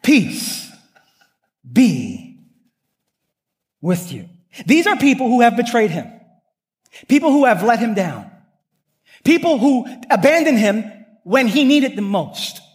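A man's voice: very high-pitched, very animated, moderate pace, long pauses. A male pastor preaching a sermon, earnest and building with repetition, weaving in personal stories. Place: church sanctuary. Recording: long hall reverb.

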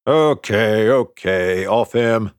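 A man voicing a gruff, dismissive sports coach in an audiobook. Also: fairly low pitch, slow, no room sound, studio quality. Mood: curt.

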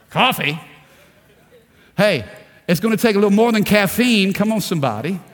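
A man's voice: high voice, in a large hall. A man preaching a fervent sermon, repeating words and asking the congregation rhetorical questions. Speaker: pastor. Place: large church hall.

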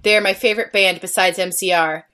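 A woman reads aloud in a mid-pitched, ordinary voice, trying to keep a straight face. She trips over words and dissolves into giggles now and then. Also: fairly even intonation, fast, sharp tone. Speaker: podcast co-host. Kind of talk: comedic reading aloud.

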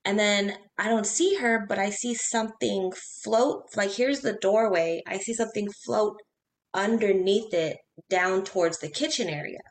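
A woman casually telling personal ghost stories in a chat, animated, talking in quick bursts and acting out her own reactions. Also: medium pitch.

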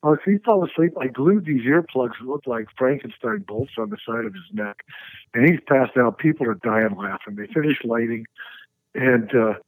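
A man who is a stunt performer, telling lively, laughing anecdotes and slipping into impressions during a radio interview. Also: medium pitch, moderate pace, dry recording, low-quality recording. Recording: dry radio studio.

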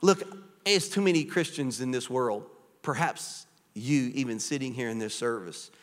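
Animated preacher in a reverberant church. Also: male voice, medium pitch, moderate pace. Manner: animated, conversational preaching with rhetorical questions. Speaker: pastor. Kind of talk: sermon. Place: church sanctuary. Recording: church hall with long reverb.

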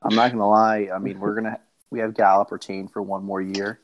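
A young man with a fairly low voice rambles excitedly through casual podcast chat. He jumps from thought to thought and tells stories as he goes. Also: a little fast, dry recording, lo-fi sound. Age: young adult. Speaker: podcast co-host.

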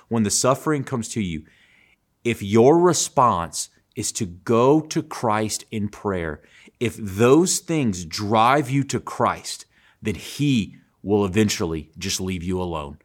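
A man preaching a sermon, earnest, repeating phrases for emphasis, with frequent stammering restarts. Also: on the low side.

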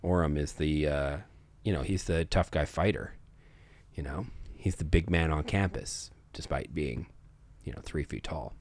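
A man's voice: extremely low pitch, a little slow, a little mellow. A man who runs tabletop games, chatting casually and earnestly with some hesitation. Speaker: podcast co-host, game master.

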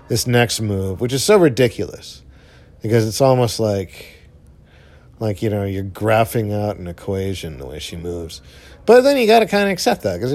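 A young man giving casual, rambling movie commentary while watching, full of fillers and offhand swearing, his voice jumping up when excited. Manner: enthusiastic, pitch jumps up when excited. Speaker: film commentator.

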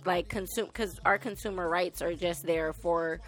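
A woman from the United States talks in a casual chat with a fairly low voice. She explains her views earnestly and at length. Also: fairly even intonation, normal speed. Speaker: podcast co-host.

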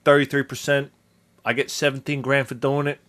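A man's voice: medium pitch, level tone, fairly quick, a bit bright, pitched below the performer's own voice, natural voice. A man voicing a cocky young crooner in a put-on gangster-style drawl. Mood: scheming.

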